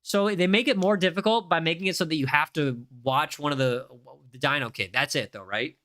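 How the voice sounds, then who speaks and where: A man's voice: a little high, fairly quick, pushed and bright, no room sound. A young man live-streaming a game, chatting casually and reading viewer comments aloud with a jokey, rambling manner. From United States. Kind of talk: casual live-stream chat while gaming.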